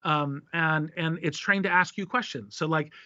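A man's voice: on the high side, normal speed, sharp tone, dry recording. A man answering an interviewer's questions at length, expansive and talking in running lists and acted-out examples. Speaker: guest, tech investor. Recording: dull, slightly lo-fi dry sound.

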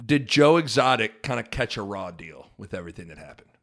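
A man co-hosting a podcast, chatting casually in an animated, rambling and emphatic way. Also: lowish voice, brisk. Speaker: podcast co-host. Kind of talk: casual chat.

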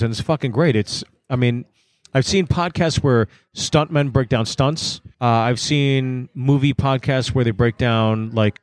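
A man chats as a guest at a comedy club roundtable. His voice sits in an average pitch. He is loose and conversational, swears freely and restarts his sentences. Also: dry recording. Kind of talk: casual chat.

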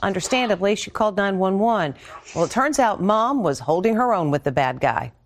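A woman news anchor reading scripted segment introductions in a brisk, conversational way. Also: medium pitch, lively intonation, a little hiss or hum.

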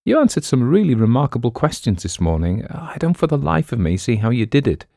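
A man's voice: medium pitch, very animated, fairly quick, vocal fry, dark tone, no echo, clean studio sound, pitched above the performer's own voice. A man voicing a polite, curious young woman with a prim way of speaking.

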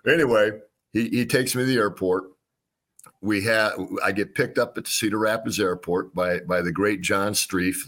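This sixty-something Illinois man, a former quarterback, shares folksy, unhurried stories in an interview, restarting himself again and again. He has a low-pitched voice with a fairly bright tone.

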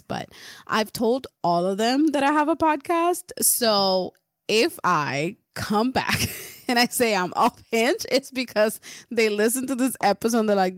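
A woman's voice: a little high, dry recording, studio quality. A woman from Puerto Rico co-hosting a podcast, chatting casually, laughing often, swearing freely and acting out quoted texts. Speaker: podcast co-host. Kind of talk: casual chat.

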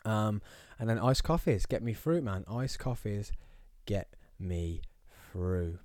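A man's voice: on the low side, expressive, slow, darkish tone, no echo. A man in his thirties with a Birmingham accent, hosting his own podcast in casual, rambling, jokey chat from a small studio. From England. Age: 30s. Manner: rambling, jokey, goes off on tangents. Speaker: podcast host.

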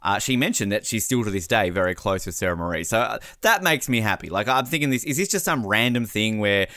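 A fast, animated Australian man chatting on a podcast, his pitch leaping around as he talks. His voice is bright and sits close on a dry mic. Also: dry recording. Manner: animated, swears freely, does mimicking impressions. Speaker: podcast co-host. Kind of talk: casual chat.

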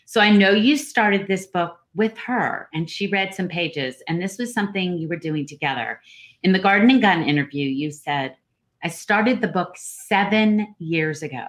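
A woman hosts a casual author interview and puts relaxed open questions to her guest. Her voice sits a little low for a woman. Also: normal speed. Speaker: interview host.

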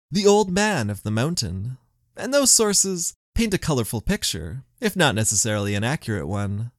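A man's voice: medium pitch, no room sound, studio quality. A man hosting a history podcast, telling the story in scripted narration with wry asides.

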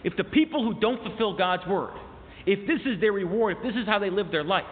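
A high-pitched man lectures to a class, telling a story with animated, climbing emphasis. He stops often to quote and translate old sources. His voice sounds thin and phone-like, with a long reverb tail as if in a big hall. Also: brisk. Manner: mixes in quoted source phrases and restarts. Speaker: teacher.

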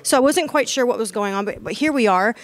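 An American woman hosts a fight chat show in a relaxed, talkative way. Her voice sits a little high, and she restarts sentences often and laughs along with her co-hosts. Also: fast. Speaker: boxing podcast host. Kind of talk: casual chat.

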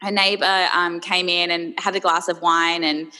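Bright Australian woman in a reverberant hall. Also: lowish voice, little pitch movement, moderate pace. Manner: chatty and upbeat, laughs often, many fillers. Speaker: startup founder, guest. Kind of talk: casual interview conversation.

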